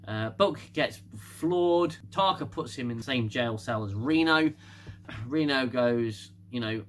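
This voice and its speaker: A man's voice: mid-range voice, slow, a bit bright, slight background noise. A man casually recapping a TV episode, rambling with restarts and laughing often. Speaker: TV show reviewer.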